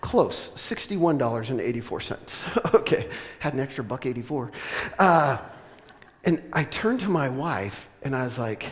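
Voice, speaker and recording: A middle-aged man from the US West Coast, preaching a sermon and telling a personal story with animated, self-deprecating humor. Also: medium pitch, a little slow. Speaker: pastor. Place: church sanctuary. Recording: long reverb of a large church hall.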